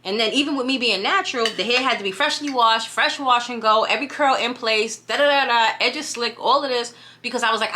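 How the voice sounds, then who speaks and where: A woman's voice: medium pitch, brisk, sharp tone. A young woman from New York with a New York accent, chatting casually and animatedly to her camera, often dropping "you know what I'm saying". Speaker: vlogger.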